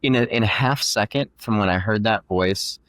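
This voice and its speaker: A man guest on a podcast, telling a long story in a casual, animated way, often quoting himself, with many fillers. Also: on the low side, moderate pace, no room sound.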